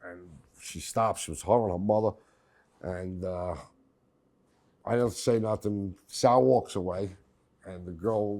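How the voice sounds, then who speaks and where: A middle-aged man telling a profane, animated story on his podcast. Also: low voice. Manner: profane, animated, acts out voices. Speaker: podcast host.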